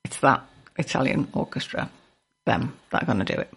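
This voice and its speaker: A man's voice: medium pitch, a little fast, creaky, a bit bright, husky. A man with a Liverpool accent presenting a classical music radio show in a casual, jokey, chatty way, now and then stumbling over names. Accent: Liverpool (Scouse). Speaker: radio host.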